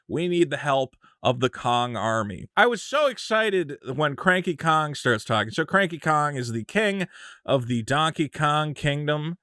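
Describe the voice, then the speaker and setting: A man's voice: fairly high pitch, measured pace, no room sound, clean studio sound. A man giving an opinionated, casual movie review with frequent restarts. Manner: animated, opinionated, restarts a lot.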